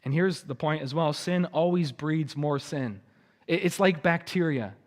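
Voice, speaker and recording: A male pastor preaching a sermon, shifting from quiet explanation to loud emphatic warnings and speaking at times to the children. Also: fairly high pitch, measured pace, big-room sound. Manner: addresses children in the congregation. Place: church sanctuary.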